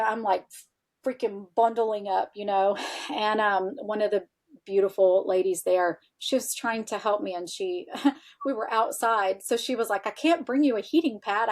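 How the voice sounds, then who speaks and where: A woman of middle pitch recounts a personal experience as an interview guest, loose and conversational. Her talk is animated and full of fillers like "you know" and "like". She is candid and drops the occasional curse word. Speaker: interview guest, integrative health practitioner. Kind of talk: casual personal storytelling.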